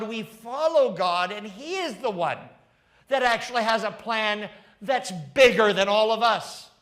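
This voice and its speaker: A pastor preaching a sermon, animated and rising to fervent emphasis as he tells the story. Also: sits high. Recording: livestreamed sermon.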